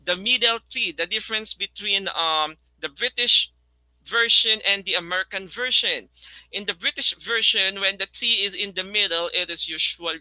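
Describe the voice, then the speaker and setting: A Filipino man teaching an online lesson in a high, very bright voice. He repeats words slowly so learners can copy the sounds and slips into Tagalog asides. The sound is dry and close. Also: no room sound, poor audio. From Philippines. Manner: mixes English with Tagalog, repeats words slowly to model pronunciation.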